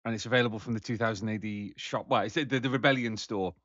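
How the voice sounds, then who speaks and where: A man's voice: fairly low pitch, steady tone, fast, a bit bright, no room sound. Male podcast co-host, rambling and hesitant, dry slightly dull recording. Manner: rambling, hesitant, lots of fillers and restarts. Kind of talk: casual podcast chat.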